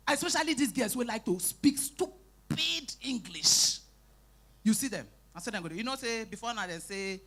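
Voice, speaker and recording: A medium-pitched woman with a Nigerian Pidgin accent takes the stage at a live event for stand-up comedy. Animated in her storytelling, she breaks into shouted, acted quotes and teases those watching.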